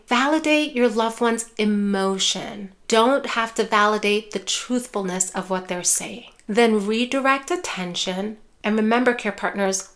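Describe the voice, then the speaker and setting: A woman with a somewhat high voice teaches caregivers of people with dementia. She speaks in a reassuring way, often calls her viewers care partners, and softens her voice when she models kind phrases to use. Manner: acts out caregiver phrases softly. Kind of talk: direct-to-camera teaching.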